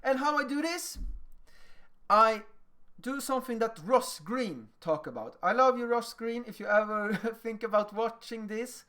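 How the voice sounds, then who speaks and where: A man with a Swedish accent giving a lecture on teaching, animated and acting out little dialogues with children. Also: extremely high pitch, unhurried.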